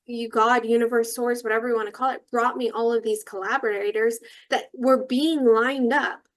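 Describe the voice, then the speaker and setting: A woman's voice: on the high side, steady tone, normal speed. A woman guest talking earnestly in a podcast interview, telling flowing reflective stories about her work and spirituality.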